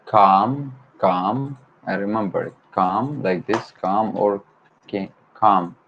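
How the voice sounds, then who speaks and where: Slow, low-voiced man drilling words. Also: gravelly. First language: Arabic. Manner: repeats vocabulary words slowly, one at a time. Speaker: language learner on a livestream. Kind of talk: slow self-study word drill. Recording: dull lo-fi home stream with faint noise.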